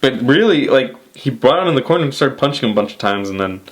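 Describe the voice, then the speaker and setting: A man's voice: mid-range voice, lively intonation, quick pace. A man co-hosting a wrestling review podcast, recapping matches in a laid-back, casual way. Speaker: podcast co-host. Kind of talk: casual chat.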